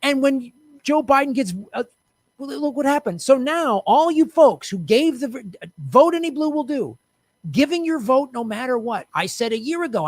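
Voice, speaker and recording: Fiery high-voiced man ranting about politics. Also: animated, moderate pace, no echo. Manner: fiery, blunt, profane, repetitive. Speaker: political commentary host. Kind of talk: heated political rant to camera.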